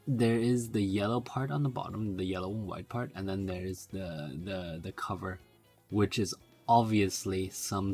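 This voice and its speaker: A man's voice: low-pitched, darkish tone. A sleep-deprived man streaming a game, rambling in a mock-professorial way and laughing often. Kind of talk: casual live-stream game commentary.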